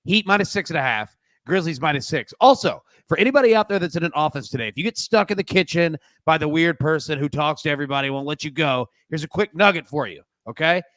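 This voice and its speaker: A man shares a couple of betting picks in a loose, joking, chatty way, as if talking to friends. His voice sits slightly high for a man. The recording is dry and close. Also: expressive, quick pace, fairly bright tone, no echo. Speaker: show producer giving a pick. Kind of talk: casual sports betting pick.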